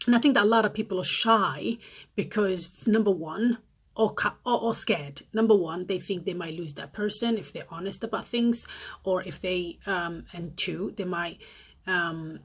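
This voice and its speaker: A middle-aged woman vlogging casually to camera, telling animated stories and acting out her friends' lines. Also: moderate pace, husky. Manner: animated storytelling, acts out friends' lines in a higher voice.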